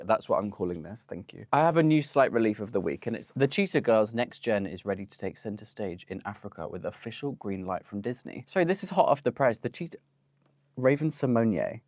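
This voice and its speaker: A man's voice: fairly low pitch, a little mellow, dry recording, clean studio sound. A man in his late twenties hosting a comedic monologue with camp, playful, theatrical asides. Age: late 20s. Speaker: host.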